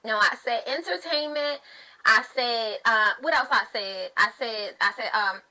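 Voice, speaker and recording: A woman rants to camera in a bright, sharp voice. She is blunt and profane and hammers her points by repeating them. Her pitch sits high. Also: a little slow, rough recording. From United States. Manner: blunt, profane, emphatic, repeats phrases for emphasis. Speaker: mother of two, online host. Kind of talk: ranting commentary to camera.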